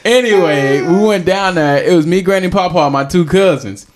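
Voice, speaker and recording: A man's voice: high-pitched, normal speed. A young man, telling a rambling, jokey story as a podcast host. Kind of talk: casual storytelling chat.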